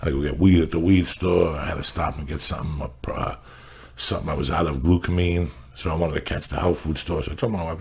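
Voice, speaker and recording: Gravelly, raspy man telling stories. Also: a bass voice, fast talker. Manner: loud, profane and animated. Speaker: podcast host. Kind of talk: casual storytelling.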